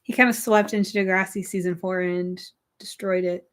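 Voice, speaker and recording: Chatty young woman, a bit hoarse. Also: mid-range voice, steady tone, normal speed. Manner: chatty, reads viewer comments aloud and answers them. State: slightly hoarse. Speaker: livestream host. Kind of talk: casual livestream chat. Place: her room with string lights.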